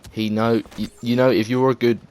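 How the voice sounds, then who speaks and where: A man's voice: mid-range voice, little pitch movement, fairly quick, darkish tone. An English man giving casual, rambling gameplay commentary, full of fillers, restarts and swearing. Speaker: gaming video creator.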